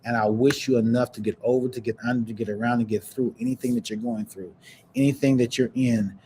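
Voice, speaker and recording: A man hosting a podcast, chatting casually and preaching encouragement in a warm, churchy way. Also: medium pitch, fairly even intonation, quick pace, a little hiss or hum. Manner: warm, churchy, breaks into laughs and sing-song. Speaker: podcast host. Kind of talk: casual livestream chat, preachy sign-off.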